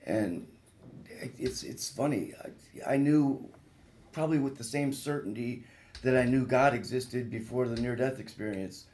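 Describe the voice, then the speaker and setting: Over slight background noise, a male surgeon guesting on a radio talk show describes a grave injury he lived through. His medium-pitched voice is a little mellow and moves at normal speed, earnest and vivid, with intensity swelling at the climactic points.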